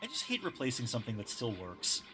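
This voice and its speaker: A man's voice: medium pitch, huge pitch swings, quick pace, over music. A man from New York, streaming and chatting casually, laid-back and sweary, speaking into a desktop USB mic. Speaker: streamer host. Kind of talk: casual chat while drawing on stream. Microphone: desktop USB microphone.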